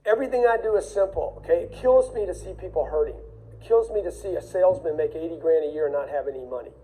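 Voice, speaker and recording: Blunt, emphatic man with a dark voice. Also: a little high, fast, poor audio. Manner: emphatic, blunt, repeats warnings; acts out dialogue in quoted voices. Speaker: speaker on wealth. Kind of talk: motivational talk.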